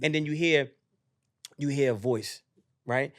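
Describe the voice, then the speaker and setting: A young adult man, a podcast guest, telling a profane, animated motivational story in casual chat and acting out the voices in it. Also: mid-range voice, measured pace, dry recording, clean studio sound. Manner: profane, animated, acts out voices in his stories.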